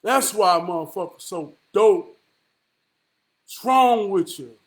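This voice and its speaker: A man's voice: sits high, animated, slow. A man delivering an impassioned monologue, emphatic and profane, firing off rhetorical questions and tagging "man" onto his lines. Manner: repeats "man" as a filler.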